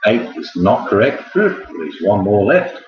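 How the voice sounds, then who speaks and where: Low-voiced joking quiz host man. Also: sing-song, slow pace. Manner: jokey, chatty, wanders into asides. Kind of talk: casual live quiz hosting. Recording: echoey, muffled room sound.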